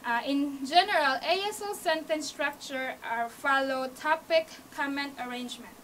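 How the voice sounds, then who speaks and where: A high-pitched woman from Hawaii, with a Hawaii accent and a fairly bright tone, gives a classroom speech on sign language basics at a moderate pace in a university media room. Encouraging, she guides listeners step by step, her phrasing slightly non-native with small grammar slips. A camcorder across the room captures her distantly, in a rough recording with slight background noise.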